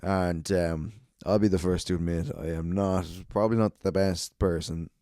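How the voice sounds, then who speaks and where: A young man with a low, smooth voice tells rambling, profane gig stories and keeps laughing at his own tales. His tone is warm and mellow, and the sound is close and dry. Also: fairly even intonation, normal speed, no echo. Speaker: comedian and podcast host. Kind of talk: casual storytelling monologue.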